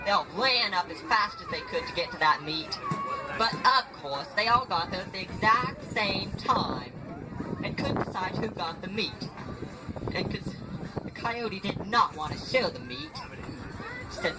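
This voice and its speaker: A man telling folktales live to an audience, animated and coaxing listeners to join in. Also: high-pitched, a little slow, loud music behind the voice. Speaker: storyteller. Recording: echoey hall, faint background noise.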